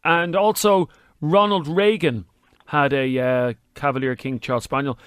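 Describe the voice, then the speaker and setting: A man's voice: fairly high pitch, fairly even intonation, a little slow, a bit bright, smooth, no room sound, clean studio sound. A man, hosting a radio talk show and teasing his co-host in casual banter. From Ireland. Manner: playful, teasing.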